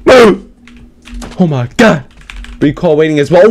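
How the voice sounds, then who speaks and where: Loud, erratic young gamer guy. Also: a little high, expressive, measured pace, long pauses, noisy background. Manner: loud, erratic, frequently shouting and laughing. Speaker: gaming YouTuber. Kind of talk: excitable gameplay commentary with voice chat.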